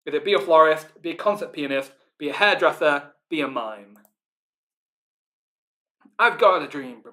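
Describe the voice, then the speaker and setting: Hosting a live online pub quiz, this Northern English man speaks in a strong, bright, somewhat high-pitched voice. His banter with the players is loose and full of ums, while each question gets read out slowly and repeated. He sounds expressive throughout.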